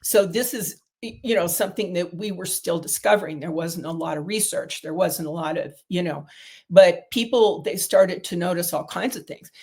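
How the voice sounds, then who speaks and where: As an interview guest, a middle-aged woman who created a diet protocol rambles through lengthy stories, stumbling over fillers and restarting often. She has a lowish, slightly mellow voice and speaks at a moderate pace.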